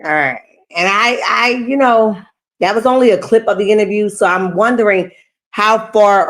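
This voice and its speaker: Emphatic woman streamer giving commentary. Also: on the low side. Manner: emphatic, tags lines with "okay?". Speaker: reaction stream host. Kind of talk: casual commentary. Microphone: streaming setup.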